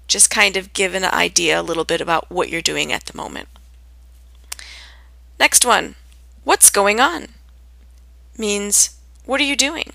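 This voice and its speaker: A woman gives a lesson on everyday English greetings, her tone bright and a little sharp. She speaks clearly and deliberately, lifting her voice to act out each example phrase. The recording is dry and close. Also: medium pitch, lively intonation, dry recording. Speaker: English teacher. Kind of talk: scripted lesson on spoken greetings.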